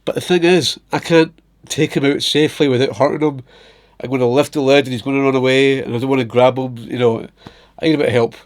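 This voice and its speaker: A young adult man tells everyday stories in a relaxed, chatty vlog. His voice sits at a middle pitch, and he laughs easily while he talks, jumping into playful little voices for the characters in his stories. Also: fast. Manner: animated, laughs often, puts on little voices for his pet. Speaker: vlogger. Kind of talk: casual storytelling.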